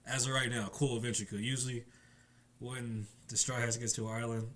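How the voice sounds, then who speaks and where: A young man recaps the latest comic chapter in a loose, rambling chat. His voice sits at an ordinary middle pitch. He keeps laughing and slips into playful voices for the characters' lines. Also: little pitch movement, moderate pace, fairly bright tone, slight background noise. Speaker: anime reviewer.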